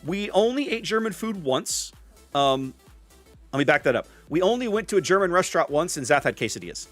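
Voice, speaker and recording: A man's voice: sits high, brisk, soft background music. A man hosting a casual gaming stream, chatting to his viewers and answering their comments as he plays. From US Gulf Coast. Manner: chatty, animated, reads chat names aloud. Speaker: streamer host.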